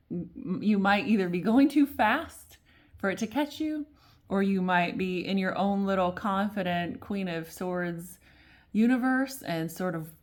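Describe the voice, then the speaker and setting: A woman giving a casual tarot reading at a table, talking in a rambling, chatty way full of fillers and restarts. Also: fairly low pitch. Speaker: tarot reader. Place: at a table at home.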